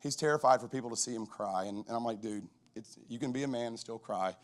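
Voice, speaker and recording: Speaking fast in a medium pitch, a middle-aged man who coaches football tells stories conversationally at a chapel, lively and often restarting.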